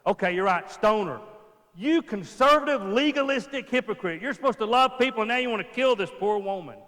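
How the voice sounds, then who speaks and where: A preacher playing a shrill, sneering accuser. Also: male voice, animated, fairly quick, a bit bright, big-room sound. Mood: scornful. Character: indignant accuser mocking a teacher, scornful.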